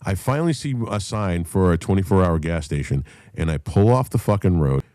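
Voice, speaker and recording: A man tells a story on a podcast, animated and full of swearing. His voice sits fairly low, and the sound is dry and close. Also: brisk, dry recording. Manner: animated storyteller, shouts when acting out others. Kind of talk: profane casual storytelling.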